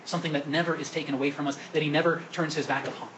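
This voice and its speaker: A man's voice: a little high, fairly even intonation, racing, highs cut off, background noise. A man preaching a sermon at Mass as the priest, asking the congregation questions and coaxing them to answer. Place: church during Mass.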